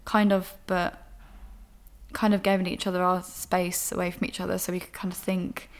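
Her voice sits on the low side, level in tone and at a normal pace. As a young podcast host, she delivers a frank, emotional monologue about her life, with some casual cursing.

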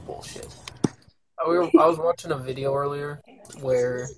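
A man's voice: mid-range voice, moderate pace, slight background noise, low-quality recording. A tired man hosting a podcast in casual chat, grumbling and swearing often. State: tired, yawning. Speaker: podcast host.

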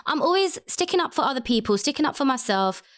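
A young woman talks in a loose, animated way, swearing freely. Her voice sits a little higher than most. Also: fast talker. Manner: animated, swearing, acts out quotes. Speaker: podcast co-host. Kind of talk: casual chat.

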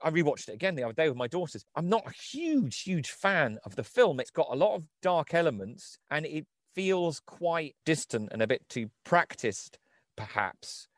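A middle-aged man co-hosting a casual podcast about film history, a chatty and animated storyteller. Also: a little high, normal speed, no echo, studio quality. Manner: chatty, animated storyteller who reads quotes aloud with gusto. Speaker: podcast co-host.

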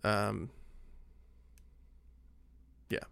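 A man's voice: very slow, a bit bright, no echo. A man co-hosting a podcast, chatting casually about movies and rambling with lots of filler words. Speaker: podcast co-host.

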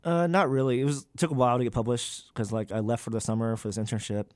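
A man's voice: mid-range voice, steady tone, quick pace, darkish tone, dry recording. A young man, a graduate student, talking candidly in an interview, with many fillers and loose, rambling sentences. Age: young adult.

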